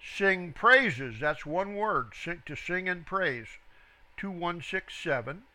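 A man teaching the Bible verse by verse, reading each phrase and then its reference number in a slow, deliberate way. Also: sits high, expressive, pushed and bright. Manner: slow, reads each word then its reference number, stresses quoted words.

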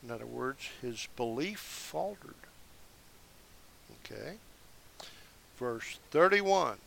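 Slow, lively-voiced man reading scripture. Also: medium pitch, creaky, a little hiss or hum. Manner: slow, deliberate reading broken by casual asides. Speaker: Bible teacher. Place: seated indoors.

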